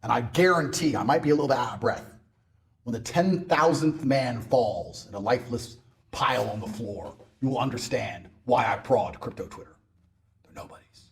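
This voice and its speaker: A man ranting on a podcast in a boastful, mocking way, mimicking people in loud bursts. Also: medium pitch, moderate pace, vocal fry. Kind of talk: animated podcast rant.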